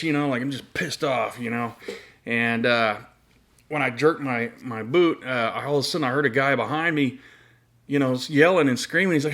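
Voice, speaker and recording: A man's voice: medium pitch, a little fast, a bit bright. Middle-aged man, casual faith testimony, loose and rambling, everyday mid-range voice. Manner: rambling, many fillers and restarts. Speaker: Christian video host.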